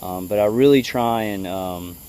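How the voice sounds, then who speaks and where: A man giving a personal video update, halting and full of fillers and restarts, trying to stay calm and level. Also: on the low side, clear, resonant tone. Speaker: vlogger.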